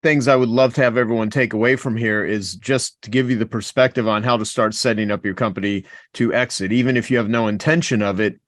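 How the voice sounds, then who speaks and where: A man's voice: on the low side, steady tone, fast, hardly any pauses, no room sound, studio quality. A man co-hosting a business webinar on a video call, direct and emphatic. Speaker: webinar co-host. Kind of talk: webinar talk.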